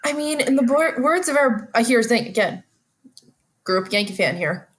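A woman's voice: on the high side, expressive, normal speed. A young woman co-hosting a casual chat, adding dry, wry comments.

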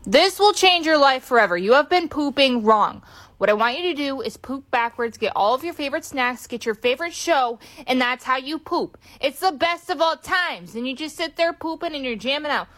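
A woman's voice: high-pitched, lively intonation, moderate pace, fairly bright tone. A woman in a short social media clip, talking in a gushing, over-the-top way.

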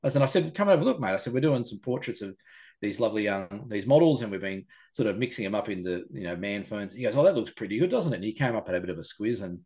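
A man, co-hosting a podcast and rattling off animated anecdotes. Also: on the low side, quick pace. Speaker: podcast co-host. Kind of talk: casual chat.

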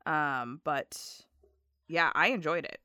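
A woman guest on a podcast, chatting casually and telling stories with animated, acted-out quotes. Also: low-pitched, slow pace, no room sound, clean studio sound. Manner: animated storyteller, acts out quotes. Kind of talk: casual chat.

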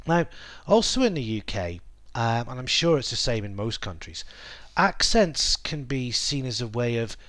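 A man hosting a solo educational podcast for English learners, talking in a measured, explanatory way with the odd "um". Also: medium pitch, fairly bright tone, dry recording. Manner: measured, explanatory, with occasional ums. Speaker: podcast host teaching English. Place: based in the UK.

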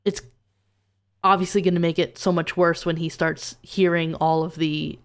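Woman, podcast co-host, smooth clear voice, hesitant casual chat, trails off. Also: lowish voice, fairly even intonation, moderate pace. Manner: hesitant, many fillers and restarts, trails off.

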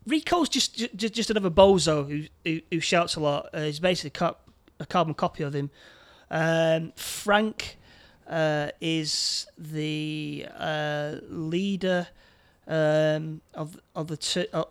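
Guy, kinda high voice, stumbly and repeating himself a lot while recapping a movie. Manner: halting, lots of repeated words and fillers. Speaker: podcast co-host. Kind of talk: casual film review chat.

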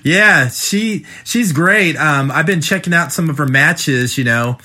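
A man with a bright, slightly high voice interviews a guest for a podcast. He hesitates often and fills his questions with "um" and "uh". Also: a little slow. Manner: hesitant, full of "um" and "uh".

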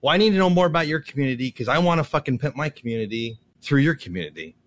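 Male podcast co-host, casual exasperated ranter, heavy swearing, mid pitch. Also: lively intonation, racing. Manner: profane, exasperated storytelling with put-on quoted voices. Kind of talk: casual ranting chat.

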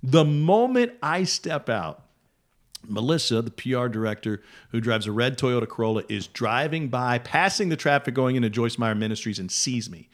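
A man's voice: medium pitch, lively intonation, normal speed. A man telling a funny story on a podcast in a casual way, acting out other people's voices as he goes. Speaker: podcast guest.

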